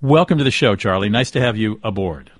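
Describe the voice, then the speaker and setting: Husky male radio host, dry close studio sound, easygoing delivery. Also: fairly low pitch, fairly quick, dry recording. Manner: relaxed conversational delivery with hesitations. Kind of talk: radio interview and read sponsor spot.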